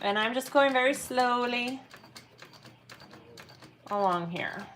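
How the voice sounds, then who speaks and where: A woman's voice: on the high side, takes it slowly, a bit bright, a little hiss or hum. A woman hosting a live sewing demonstration, chatty as she explains each step and greets viewers. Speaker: sewing tutorial host.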